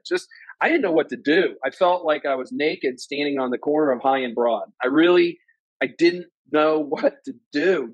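In a dry, close, low-quality recording, a former company president from Ohio, USA, in his 50s, recounts his own story during an interview. His mid-pitched delivery is earnest and lively, and he voices quoted lines in a higher register.

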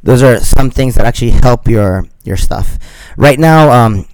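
Male podcast co-host, mid pitch, meandering delivery full of "like" and "um". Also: expressive, a little slow, clean tone, no room sound, rough recording. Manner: rambling, lots of fillers, trails off quietly. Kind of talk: casual chat.

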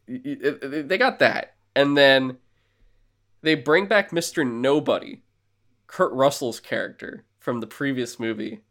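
Excitable guy rambling through a movie recap. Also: medium pitch. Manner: excitable rambling recap, swears, lots of fillers. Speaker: podcast co-host. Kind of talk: casual podcast chat.

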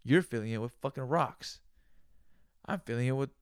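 A man's voice: mid-range voice, normal speed, clear, resonant tone, no echo, clean studio sound. A man hosting a solo podcast, talking in a loose, profane, rambling rant. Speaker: podcast host.

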